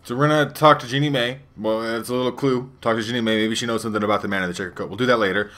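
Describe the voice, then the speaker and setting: Young dude narrating his game run, swears a lot, bright quick voice. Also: medium pitch, steady tone, faint music behind. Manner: loose, profane, rambling play-by-play with fillers. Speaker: gaming youtuber. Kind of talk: let's play commentary.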